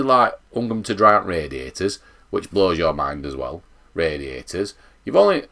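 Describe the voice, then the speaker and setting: Chatty South Yorkshire man, lively pitch. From England. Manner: chatty, animated, rambling. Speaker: vlogger. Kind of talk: casual reaction vlog.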